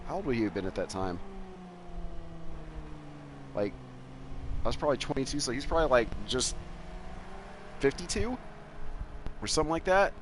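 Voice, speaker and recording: Over slight background noise, a man with a medium-pitched voice streams a racing game. He's a rambling, profane storyteller who chuckles as he chats casually.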